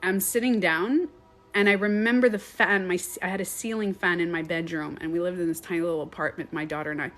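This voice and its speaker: A meditation coach tells a personal story on a live stream, her voice lowish and a little fast. She's animated, swears casually, and laughs often.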